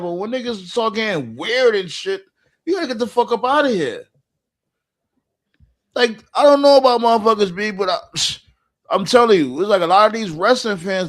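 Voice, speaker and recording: A man co-hosting a casual podcast, ranting profanely with heavy slang. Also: sits high. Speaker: podcast co-host. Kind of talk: casual chat.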